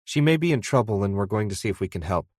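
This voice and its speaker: A man's voice: lowish voice, lively intonation, quick pace, darkish tone, no room sound, clean studio sound. A man raising his voice for a wry, teasing woman. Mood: earnest. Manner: light, teasing. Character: wry grown woman, teasing old friend.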